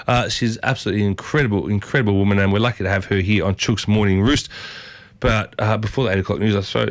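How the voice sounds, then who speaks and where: A man's voice: lowish voice, dry recording. A man hosting a community radio show, chatty and enthusiastic, often repeating himself. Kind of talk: casual radio chat. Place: radio studio.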